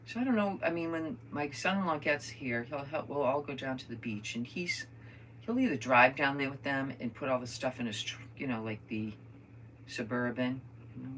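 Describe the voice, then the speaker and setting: A bright-voiced older woman chats away to her viewers as she crafts at home. She rambles from story to story and talks to them like old friends. A faint hiss sits behind her voice. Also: extremely low pitch, moderate pace. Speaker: crafter vlogger. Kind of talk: casual crafting chat to viewers.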